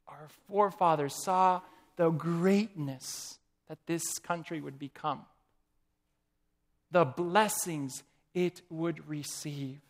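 A man preaching a sermon, asking the congregation questions and reading quotations aloud. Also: sits high.

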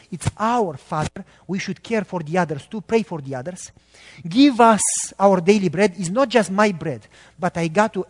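High-voiced pastor preaching in a reverberant hall. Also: male voice. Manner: earnest, animated storytelling with shifting loudness. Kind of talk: sermon storytelling.

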